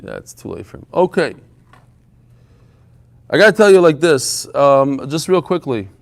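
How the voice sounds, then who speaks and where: A man leading a live Talmud class before a small audience, telling stories in a lively way and mixing in Hebrew and Yiddish terms. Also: a little high, a little slow, gravelly. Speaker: Talmud teacher.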